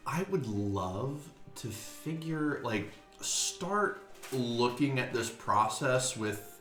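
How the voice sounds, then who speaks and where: A man's voice: mid-range voice, expressive, extremely slow, fairly bright tone, soft background music. A man playing a tabletop game, thinking aloud about his character's plans. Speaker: player. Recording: echoey room.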